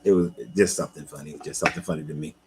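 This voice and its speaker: A spiritual coach hosts a live stream, reading scripture and commenting on it loosely and ramblingly, pausing to greet viewers by name. His very deep voice stays steady while he talks very fast, with background noise in the recording.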